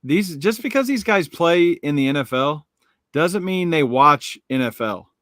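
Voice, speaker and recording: A man co-hosting a casual sports betting chat, laid-back and measured, who often restarts his sentences. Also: on the high side, animated, a bit bright, no room sound, clean studio sound. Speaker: podcast co-host.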